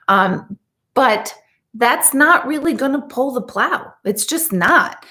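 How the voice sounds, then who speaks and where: Animated, emphatic woman medium. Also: mid-range voice. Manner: animated, emphatic, chatty with fillers. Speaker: intuitive medium. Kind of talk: casual live-stream talk to viewers.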